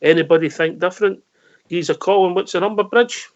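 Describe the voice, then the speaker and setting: A Scottish man with a high-pitched voice hosts a radio phone-in, speaking fairly quickly as he chats casually and teases his callers in a jokey way. The call audio is dull and lo-fi.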